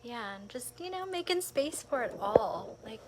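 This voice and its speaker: A woman casually recounting a personal experience, lively and animated, often saying "like" and laughing between thoughts. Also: on the high side, measured pace, very noisy. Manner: animated storytelling with frequent laughs, filler "like". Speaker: vlogger.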